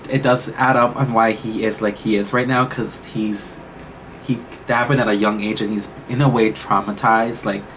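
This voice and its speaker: A man's voice: on the low side, slight background noise, poor audio. A young man reacting to a show episode, talking casually and emotionally with lots of exclamations and restarts. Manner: emotional, exclamatory, thinks aloud with many restarts. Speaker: reaction YouTuber.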